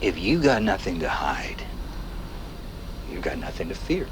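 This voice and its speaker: An actor playing a paranoid, fiery male agitator in a video game, delivering an impassioned rant that swings from hushed menace to near-shouts. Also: a little high, very animated, unhurried, noisy background. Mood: brooding menace. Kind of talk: video game voice acting, radio-style monologue.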